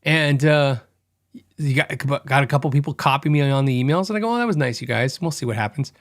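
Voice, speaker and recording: A middle-aged man hosting a podcast, telling a story in a chatty, animated way and acting out quoted dialogue. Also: mid-range voice, brisk. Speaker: podcast host. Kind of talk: casual storytelling monologue.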